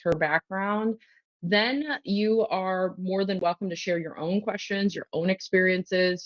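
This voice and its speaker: Woman host on a video call, lower-pitched, orderly and agenda-focused, dull lo-fi sound. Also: no echo. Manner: organized, lays out an agenda. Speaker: host and meetup facilitator. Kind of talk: hosted interview over video call. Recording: dry, dull lo-fi call audio.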